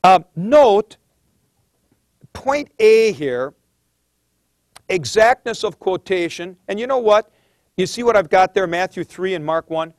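A man's voice: high-pitched, animated, takes it slowly, pauses often, no room sound, clean studio sound. A middle-aged man teaching a theology class in a conversational lecture, thinking aloud and stressing key points.

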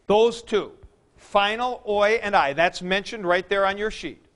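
A man's voice: high-pitched, a little slow, fairly bright tone. A man teaching a Greek grammar class, explaining patiently and repeating the key points. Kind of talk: classroom lecture.

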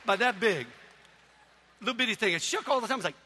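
A man preaching a sermon in a church, telling humorous stories with animated delivery. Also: high-pitched, quick pace, in a large hall, some chatter behind.

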